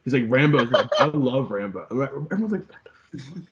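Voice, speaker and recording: A man's voice: mid-range voice, big pitch swings, a little fast, very noisy. Young male co-host, loose rambling storyteller, swears a lot, slightly muffled recording. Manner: rambling, profane, acts out quotes with voices. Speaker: podcast co-host. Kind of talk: casual chat recapping a reality show. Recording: slightly dull lo-fi podcast audio.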